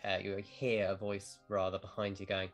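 A man running a tabletop game over a video call, narrating in a slightly low voice. He describes things hesitantly and often pauses on fillers. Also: monotone, faint music behind. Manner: hesitant, lots of "kind of" and "um". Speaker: game master.

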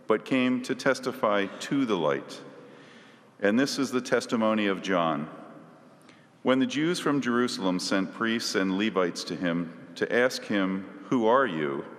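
A man reading the Gospel aloud at Mass in a steady, formal proclaiming manner. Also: lowish voice. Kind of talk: liturgical reading of scripture. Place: parish church. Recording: reverberant church.

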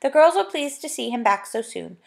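A woman teacher reading a children's book aloud in an expressive, animated way. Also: sits high, fairly quick, gravelly.

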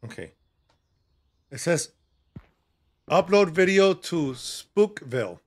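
A man streaming a horror game live, talking to his co-player and yelping and shouting in panic. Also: a little high, slow. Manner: excitable, yelps and shouts in panic. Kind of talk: live gameplay commentary.

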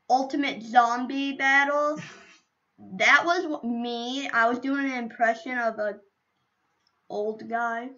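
High, bright-voiced playful gaming streamer woman. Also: lo-fi sound. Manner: playful, rambling, silly asides. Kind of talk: casual gameplay chatter.

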